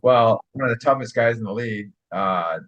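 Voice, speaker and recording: A lower-voiced man, a former hockey player, chats as a podcast guest and tells stories in an easygoing, laid-back way. His audio is slightly dull and muffled. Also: normal speed, fairly bright tone. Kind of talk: casual storytelling chat.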